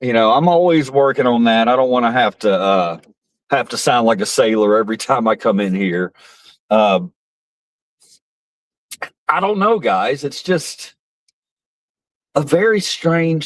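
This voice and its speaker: A man's voice: mid-range voice, no echo. A man giving casual, rambling political commentary on his stream, profane and mocking, with frequent restarts.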